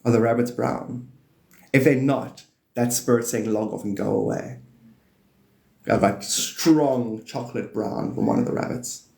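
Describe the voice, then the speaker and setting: Host, male, gravelly rambling spiritual talk, echoey room sound. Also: unhurried. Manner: loose, playful, meandering, swings into high excited bursts. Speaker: livestream host. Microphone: phone or desk mic on a live stream.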